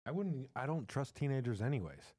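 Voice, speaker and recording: A man's voice: mid-range voice, very animated, brisk, dark tone, no echo. A man co-hosting a podcast, chatting casually and cracking jokes. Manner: joking, acts out silly voices. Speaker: podcast co-host. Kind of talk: casual chat.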